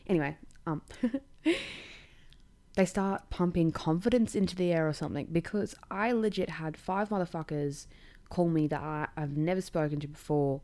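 Young Australian woman hosting a podcast; low, mellow voice, blunt sweary storyteller who laughs mid-sentence. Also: moderate pace. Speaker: podcast host. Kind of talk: casual comedic storytelling.

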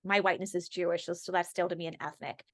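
A woman's voice: fairly low pitch, fairly even intonation, quick pace, fairly bright tone. Woman, from Los Angeles, podcast interview guest, emphatic, conversational. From Los Angeles, USA. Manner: emphatic storytelling, acting out quoted remarks. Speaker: podcast guest, actor and activist.

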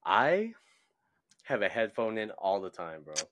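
A young man co-hosting a podcast in a casual chat, animated and laughing often. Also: on the low side, unhurried, no room sound. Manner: animated, laughs often, acts out voices in stories. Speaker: podcast co-host.

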